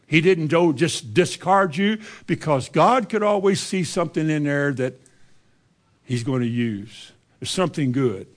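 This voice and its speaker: A man, preaching a sermon in a folksy, conversational way and reading scripture aloud. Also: on the high side.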